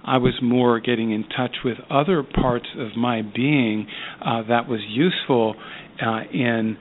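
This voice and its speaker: A man speaking slowly and reflectively as a psychiatrist guest, pausing often and using many fillers. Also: medium pitch, slight background noise. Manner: slow, thoughtful, with many pauses and fillers. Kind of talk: reflective interview talk. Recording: phone-like narrow line.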